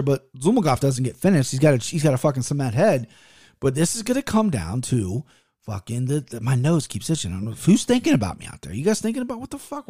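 A man gives casual picks on fight betting, swearing freely, rambling, and restlessly cutting himself off. His medium-pitched voice is a little mellow, captured in a dry, studio-quality recording.

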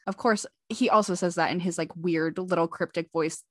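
A woman podcast co-host with a somewhat low voice tells a story in lively casual chat, laying out events step by step. Her voice sits close and dry in the recording, with no room echo. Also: moderate pace. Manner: animated storyteller, acts out quotes.

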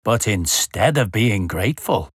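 A woman reading a children's storybook aloud in an expressive, animated way. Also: very deep voice, a little slow, slightly rough, no echo, studio quality.

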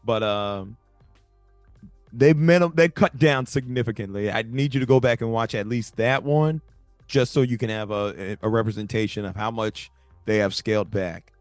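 A man co-hosting a casual movie review chat, talking in animated bursts with stammering restarts and sudden jumps between loud and soft. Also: lowish voice, normal speed, no echo, faint music behind. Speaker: podcast co-host.

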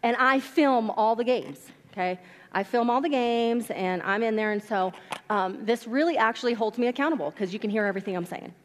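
A woman pastor preaches from the pulpit, telling stories and acting out the people in them. Her voice sits fairly high. It rings with the long reverb of a church hall. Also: a little fast, slight background noise. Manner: animated storytelling, acts out quotes. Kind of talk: sermon. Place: church sanctuary.

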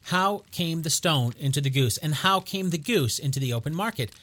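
A man voicing a calm, stern detective who speaks quietly and precisely. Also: a little high, moderate pace. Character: cool, commanding male detective.

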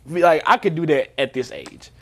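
High-voiced young man, animated storyteller. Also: normal speed, creaky, soft background music. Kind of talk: casual chat.

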